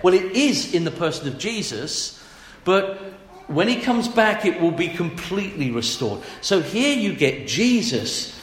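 A man preaching a sermon in a chatty, animated way, often laughing as he talks. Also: on the high side, a little hiss or hum. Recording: echoey hall.

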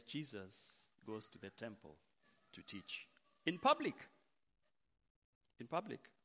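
A man preaching a sermon, slow and emphatic, dropping to a hush and then rising loud for stress. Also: mid-range voice.

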